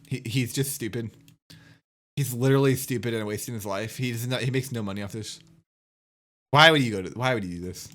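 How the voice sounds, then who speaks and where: Bright-voiced man ranting at viewers. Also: mid-range voice. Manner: exasperated, repetitive, scolding. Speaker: YouTuber and streamer.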